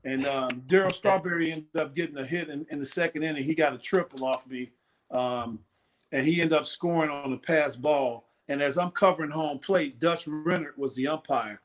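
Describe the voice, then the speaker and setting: A man's voice: on the high side, moderate pace. A man in his sixties, a former ballplayer, telling stories in a casual interview and acting out the voices of people he quotes. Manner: animated storyteller, acts out quoted voices. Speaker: former pitcher, guest.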